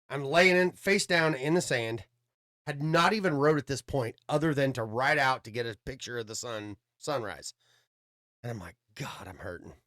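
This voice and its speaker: A man casually telling a long story, cursing freely and acting out what people said. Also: medium pitch. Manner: swearing, animated storytelling with quoted dialogue. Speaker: podcast guest storyteller.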